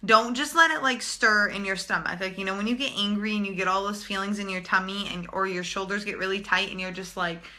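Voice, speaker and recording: A woman's voice: mid-range voice, fairly even intonation, brisk, few pauses, sharp tone. A young woman talking casually and bluntly to viewers in a live stream, swearing freely as a spiritual channeler.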